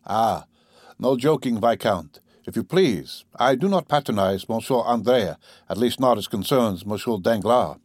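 A man reading a composed, mysterious wealthy count in an audiobook, calm and measured. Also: fairly low pitch, dry recording, studio quality. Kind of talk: audiobook character voice.

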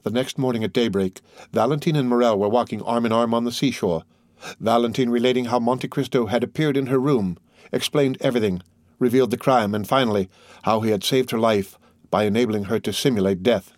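A man narrating a classic novel as an audiobook in a steady, formal reading manner. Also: mid-range voice, brisk, no echo, clean studio sound.

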